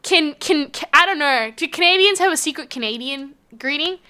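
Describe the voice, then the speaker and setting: Bright, lively Australian woman streamer. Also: high voice, normal speed. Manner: giggly, animated, chatty. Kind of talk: casual live-stream chat, reading chat aloud.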